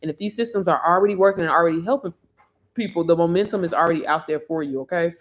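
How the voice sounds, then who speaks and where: A woman's voice: fairly low pitch, fast talker. Chatty hyped woman coaching online. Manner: chatty and hyped, calls viewers girl and sis. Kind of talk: casual livestream sales talk.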